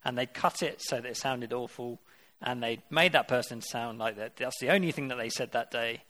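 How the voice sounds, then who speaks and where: A man delivering a sermon in an earnest, conversational way. He asks his listeners rhetorical questions and speaks at a middle pitch. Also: moderate pace, pushed and bright. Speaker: preacher.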